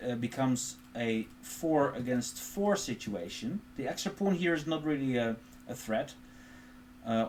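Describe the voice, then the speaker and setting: Streaming chess from home, this man works through positions and moves out loud, punctuating his live commentary with wry jabs at himself. He has a mid-range, darkish voice, and a little hiss or hum runs under the audio.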